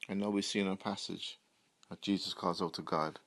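A man preaching a Good Friday sermon, reading scripture in an earnest, measured way. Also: low voice, fairly even intonation, fairly bright tone, no echo.

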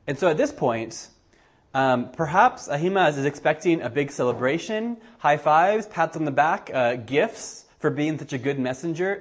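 A man preaching a sermon, reading scripture aloud and acting out the quoted speakers with animated shifts in voice. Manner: animated, acts out quotes with rising pitch. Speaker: pastor.

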